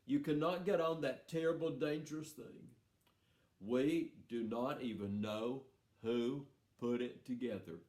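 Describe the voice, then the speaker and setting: A man's voice: mid-range voice, a little slow, darkish tone, close to an everyday voice. A man voicing a stern, worried mother who firmly scolds and says no again and again. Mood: scolding. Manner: firm, scolding, repeats "no". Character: stern, fretful small-town mother. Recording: roomy hall sound.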